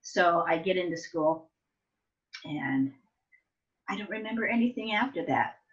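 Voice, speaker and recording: An older woman telling family stories in an interview, acting out her younger self with lively voices. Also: fairly low pitch, unhurried. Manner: animated storytelling, acts out her younger self. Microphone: soft and distant at times. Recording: dull lo-fi sound.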